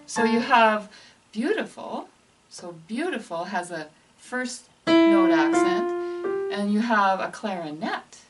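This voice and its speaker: A woman's voice: mid-range voice, expressive, takes it slowly, far from the mic. A woman explaining how to teach piano pieces and slurs to other teachers, in a chatty instructional way. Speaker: music teacher trainer. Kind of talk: casual instructional walkthrough.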